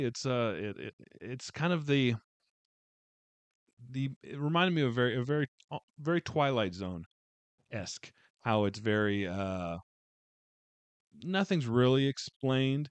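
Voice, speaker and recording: A man's voice: mid-range voice, expressive, measured pace, long pauses, clear, resonant tone, dry recording. A man giving a casual, heartfelt book review, rambling with many fillers and restarts.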